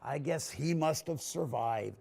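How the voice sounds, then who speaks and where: Storybook gnome elder, ancient and wise, lively high voice, a man putting him on. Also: unhurried, creaky, slightly rough, full character voice. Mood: grave.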